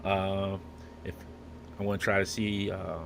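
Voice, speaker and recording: A man's voice: low-pitched, monotone, unhurried, vocal fry, slight background noise. A man hosting a casual podcast, joking and rambling with many restarts. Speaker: podcast host. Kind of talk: casual chat.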